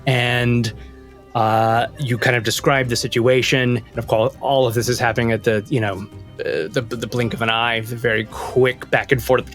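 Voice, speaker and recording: A man narrating a tabletop game as game master, loose and playful, often stopping to correct himself. His pitch sits in the middle for a man. Soft music runs quietly under his voice. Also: flat delivery, moderate pace. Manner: rambling, self-correcting, playful.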